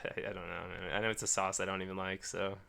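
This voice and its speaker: Male podcast co-host, low-ish and bright, rambling, giggly delivery. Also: flat delivery, fast talker, vocal fry, clear, resonant tone. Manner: rambling, laughs through his sentences. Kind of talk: casual podcast chat.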